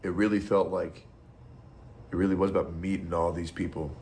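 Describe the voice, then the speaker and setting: A man's voice: sits low, level tone, a little fast, a little mellow, a little hiss or hum. A man ranting bitterly as a streamer, sarcastic and profane. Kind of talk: ranting monologue.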